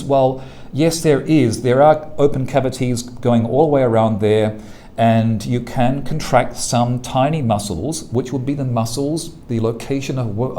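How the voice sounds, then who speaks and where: A man's voice: medium pitch, dark tone. A man teaching speaking skills to camera, with an accent between British and American, explaining patiently and demonstrating voices as he goes. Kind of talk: instructional talk to camera.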